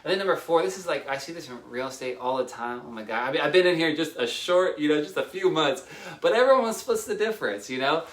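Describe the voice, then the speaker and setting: A man giving casual real estate negotiation tips, energetic, repeating himself and acting out little dialogues. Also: on the high side, fast talker, reverberant. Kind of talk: casual talk to camera.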